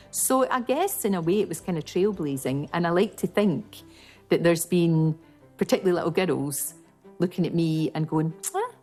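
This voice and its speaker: A woman's voice: lowish voice, darkish tone, slightly rough. A middle-aged woman with a working-class Glasgow accent, chatting through memories of her TV career in a documentary interview. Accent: Glasgow Scottish. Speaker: TV presenter.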